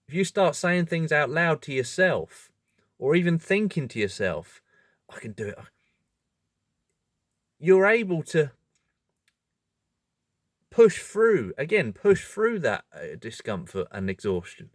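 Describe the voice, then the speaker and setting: A man talking to camera in a casual, animated monologue, correcting himself mid-sentence and laughing often. His voice sits a little high and rises and falls a lot. The sound is close and dry. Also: dry recording. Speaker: video host.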